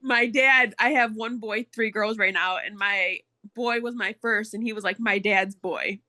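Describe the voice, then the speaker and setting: A woman's voice: mid-range voice, fairly even intonation, measured pace, sharp tone, no room sound, studio quality. A woman client in a psychic reading who laughs often and talks eagerly about her family.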